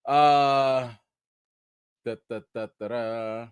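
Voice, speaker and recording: A man hosting a casual live-stream chat, speaking, breaking into excited exclamations and reading viewer comments aloud. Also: medium pitch, extremely slow, clear, resonant tone, no room sound. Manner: animated, preacher-like exclamations. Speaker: host of a live chat show.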